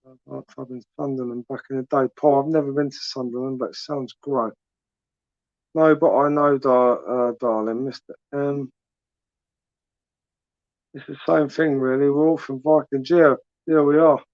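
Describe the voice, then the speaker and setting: A man's voice: mid-range voice, steady tone, moderate pace, pauses often, no echo. Chatty lo-fi southern English man. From England. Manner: chatty, teasing, rambling. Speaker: livestream host. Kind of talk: casual live chat reading comments. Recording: dry, dull lo-fi sound.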